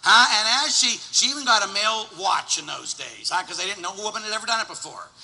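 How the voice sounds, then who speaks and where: Priest in his 40s preaching, highish voice, gets loud then quiet, booming church reverb. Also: fast talker. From Pittsburgh, USA. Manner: animated, storytelling, swings from shouting to hushed. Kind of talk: sermon.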